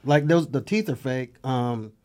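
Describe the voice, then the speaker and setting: A man's voice: mid-range voice, lively intonation, measured pace, darkish tone. A man guesting on a comedy podcast, making wry remarks in casual chat.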